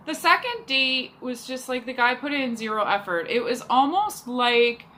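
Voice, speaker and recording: A woman's voice: high voice, expressive, moderate pace, bright, forceful tone, low-quality recording. A young woman telling a rambling, exasperated story about a bad date, leaning on "like" constantly. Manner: chatty, exasperated, heavy use of "like". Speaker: vlogger. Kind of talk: casual storytelling rant.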